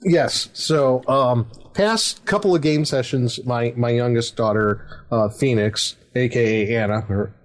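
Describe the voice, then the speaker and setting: A middle-aged podcast host and game master rambles through a casual anecdote about running a tabletop game, full of fillers and chuckles. His medium-pitched voice is unhurried, with few pauses.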